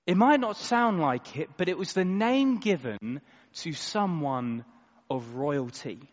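A male preacher delivering a sermon at a slow, deliberate pace. His voice sits fairly high and swings between loud proclamation and quiet intensity. The sound is slightly muffled, with a long hall echo. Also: animated.

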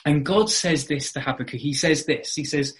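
A man's voice: a little high, normal speed. A man preaching an evening sermon, earnest and explanatory, with frequent fillers and restarts.

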